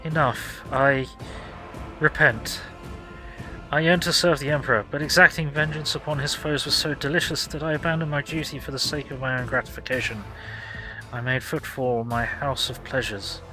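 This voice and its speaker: A man's voice: mid-range voice, steady tone, moderate pace, music in the background, pitched above the performer's own voice, close to an everyday voice, low-quality recording. A man voicing a zealous, imperious woman who rules as a harsh judge, reading her lines aloud from a game. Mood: contrite. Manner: proclaiming, commanding.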